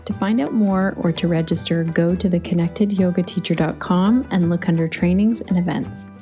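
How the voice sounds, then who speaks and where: A woman's voice: on the low side, normal speed, mellow, faint music behind. A middle-aged woman hosting a solo podcast, chatty and storytelling, laughing easily. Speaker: podcast host.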